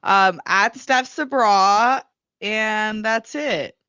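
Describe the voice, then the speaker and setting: A woman's voice: medium pitch, drawn-out words, pushed and bright, clean tone, dry recording, dull audio. A woman guest on a casual live show, talking hesitantly with many fillers. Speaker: guest co-host. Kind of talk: casual podcast chat.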